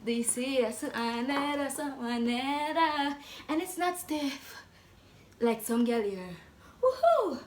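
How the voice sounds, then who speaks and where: This vlogger, a young woman with a Jamaican accent, talks slowly in a high voice while playfully addressing the camera. She's animated and drifts into patois, and there's slight background noise.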